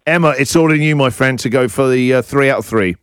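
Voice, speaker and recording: A man's voice: medium pitch, quick pace, clear, resonant tone, no echo. A man hosting a radio breakfast show, teasing callers and joking through playful studio banter. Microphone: studio microphone.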